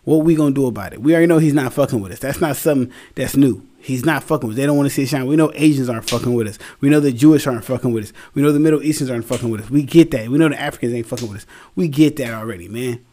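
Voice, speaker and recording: A man's voice: mid-range voice, rapid-fire, few pauses, dark tone. A young man, tired, talking bluntly and casually in a rambling, slangy opinion monologue, swearing freely. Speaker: solo commentary host.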